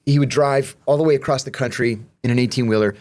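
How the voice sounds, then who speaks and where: A man, a guest on an interview show, telling profane stories in a casual, animated way. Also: mid-range voice, fast. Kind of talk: casual storytelling.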